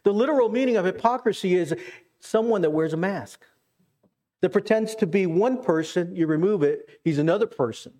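A man's voice: high-pitched, moderate pace, mellow. A man preaching a sermon, earnest, with repeated words and questions to the congregation. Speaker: pastor.

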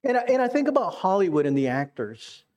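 A man's voice: sits high, sing-song, fast talker, darkish tone. A man preaching a sermon, earnest, with repeated words and questions to the congregation. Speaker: pastor.

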